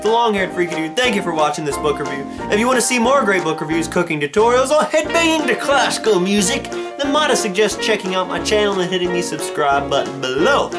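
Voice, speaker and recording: Male book vlogger, casual and jokey, with playful asides, over faint background music. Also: sits high. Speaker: book reviewer. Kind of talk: casual book review vlog.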